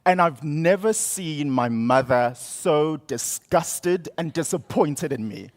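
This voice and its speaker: A young man hosts an event from the stage, telling a story in a theatrical way with big swings in pitch and loudness. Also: lively intonation, slow pace. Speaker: event host. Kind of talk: storytelling keynote talk. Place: conference stage.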